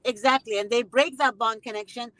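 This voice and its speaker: A woman's voice: fairly high pitch, fairly even intonation, brisk, fairly bright tone, no echo, low-quality recording. A woman hosting a casual conversation, speaking emphatically and repeating phrases with indignation. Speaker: host.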